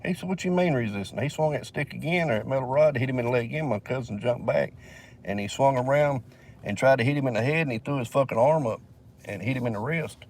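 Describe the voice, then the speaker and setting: A man's voice: mid-range voice, fast talker, a little mellow, slight background noise. A man from Alabama with a Southern accent, telling a long story in a casual vlog, swearing heavily and rambling with fillers, recorded in a vehicle.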